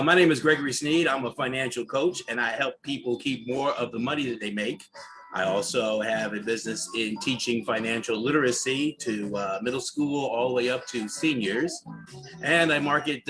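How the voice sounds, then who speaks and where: A man's voice: medium pitch, moderate pace, music in the background, rough recording. A man with a Brooklyn accent, a financial coach reading out a guest introduction on a video call, chatty and full of fillers. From New York. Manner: chatty, many fillers and restarts.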